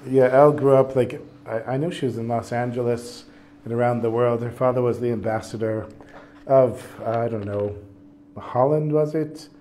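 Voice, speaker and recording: A man teaching a class on a religious text, reading passages and translating them in a relaxed, conversational way. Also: mid-range voice, normal speed, slight background noise. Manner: casual, reads Hebrew passages then translates. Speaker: Torah teacher.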